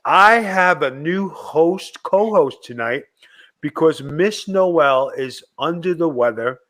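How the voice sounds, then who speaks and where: A man hosting a casual chat show, loud and excitable, joking with his co-host. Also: a little high, slow.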